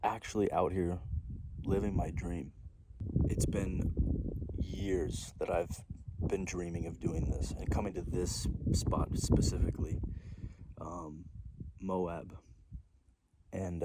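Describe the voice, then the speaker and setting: A man vlogging outdoors on a solo road trip, talking in a relaxed, rambling, heartfelt way and swearing often. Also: low voice, takes it slowly, pauses often. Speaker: solo van traveler. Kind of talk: casual vlog to camera. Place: outdoors at a desert arch. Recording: loud background noise.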